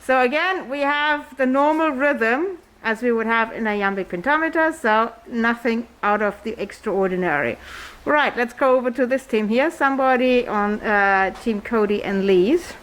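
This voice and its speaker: Brisk woman leading a drama workshop. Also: a little high, a bit bright, low-quality recording. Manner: brisk, questioning, encouraging. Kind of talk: classroom instruction.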